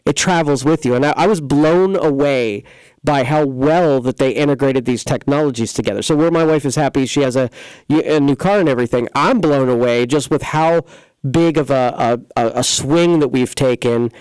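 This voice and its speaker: Folksy man with a smooth, dry voice. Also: medium pitch, normal speed, darkish tone, no room sound, poor audio. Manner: rambling, filler-heavy, folksy sales talk. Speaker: computer repair shop host. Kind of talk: casual local radio-style talk show. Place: studio.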